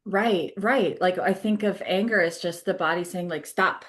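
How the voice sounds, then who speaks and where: A woman's voice: on the low side, normal speed. A woman therapist talking in a casual podcast conversation, thoughtful, laughing easily and using plenty of fillers. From California. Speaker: therapist guest.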